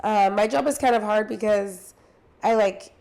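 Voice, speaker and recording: A woman's voice: medium pitch, normal speed, gravelly, darkish tone. A young woman in her twenties co-hosting a podcast, chatting casually with many filler words and laughing asides. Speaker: podcast co-host, cheer coach. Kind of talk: casual chat.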